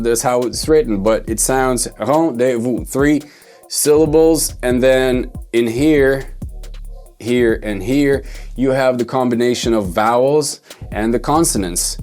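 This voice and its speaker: A man's voice: medium pitch, darkish tone. A man teaching songwriting in a loose, rambling way, correcting himself and thinking aloud as he goes. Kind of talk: loose explanatory lesson.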